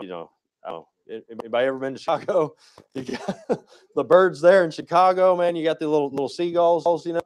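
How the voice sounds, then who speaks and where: A man's voice: mid-range voice, clean tone, dry recording, poor audio. A male pastor giving a casual, conversational sermon, with many restarts and a habit of asking "right?".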